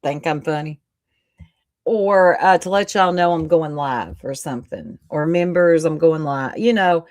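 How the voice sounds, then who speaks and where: Speaking a little slowly in a low-sitting voice, a livestream host chats easily with her live audience, calling out viewers by name and laughing a lot. There's no room sound.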